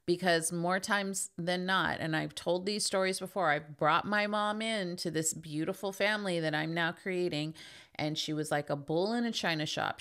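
Low-voiced middle-aged woman hosting frankly. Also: a bit bright, clean tone. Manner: emphatic, candid, acts out quoted voices. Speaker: podcast host. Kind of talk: casual monologue.

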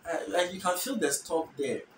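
A Ghanaian-accented speaker whose first language is Efutu hosts a casual explainer, thinking aloud and often correcting themself mid-sentence. The voice sits at a middling pitch and sounds set back from the mic in a roomy, echoing space with a faint hiss behind. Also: lively intonation, normal speed. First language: Efutu (Guan). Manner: thinks aloud, self-correcting, hedging asides. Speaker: host explaining language differences. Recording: echoey room, distant mic, faint noise.

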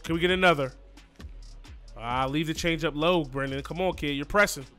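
A man's voice: on the high side, normal speed, a bit bright, soft background music. A man giving casual play-by-play commentary over his own video game, cheering his players on and often asking "you know what I mean.". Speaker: gaming YouTuber. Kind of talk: live play-by-play gameplay commentary.

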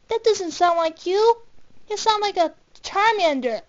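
A woman reading a picture book aloud, slowly and haltingly, restarting words, on a dull lo-fi recording. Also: very high-pitched. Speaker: storybook reader.

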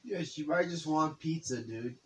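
A chatty young man co-hosts a let's play with his friend. He reacts fast and excitedly, tossing in casual remarks and curses as he watches the game. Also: on the high side, a little hiss or hum. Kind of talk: casual gaming commentary.

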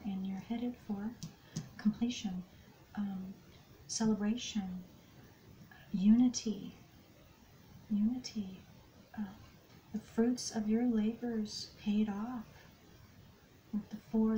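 A woman reads tarot cards in a soft voice that keeps sinking to a whisper. Her delivery is slow and even, with a flat melody and a mellow, dark tone. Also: mid-range voice, slight background noise, poor audio. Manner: soft-spoken, slips into whispers often. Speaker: tarot and astrology reader. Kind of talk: intuitive tarot card reading.

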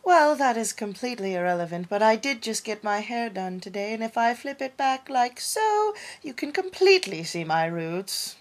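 A woman's voice: fairly high pitch, lively intonation, normal speed, few pauses, natural voice. A woman playing a vain, vampish soap siren. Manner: mock-seductive, over-dramatic. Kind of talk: parody soap opera acting.

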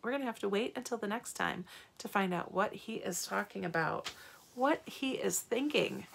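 A woman, a teacher, reading a novel aloud to her students in a calm, steady storytelling manner. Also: medium pitch, moderate pace, creaky, a little hiss or hum. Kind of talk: read-aloud storybook narration.

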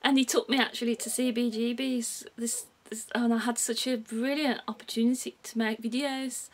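A woman's voice: fairly high pitch, steady tone, normal speed, rough recording. A woman with a Brummie accent, chatting to camera in a vlog, rambling, giggling and losing her thread. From England. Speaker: vlogger. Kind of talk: casual chat to camera. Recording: clear music playing behind her.

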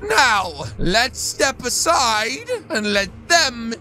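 Lady playing a gloaty game villain, slow drawn-out lines, bright high voice, bit of music behind. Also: very animated, exaggerated voice. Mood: gloating. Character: scheming villain captor who controls robot wolves.

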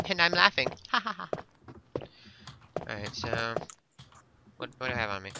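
A man playing a video game and chatting casually with friends, bursting into loud exclamations at surprises. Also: medium pitch, very animated, normal speed, creaky, pauses often, background noise. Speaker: let's play player. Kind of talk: casual gaming commentary. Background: game music.

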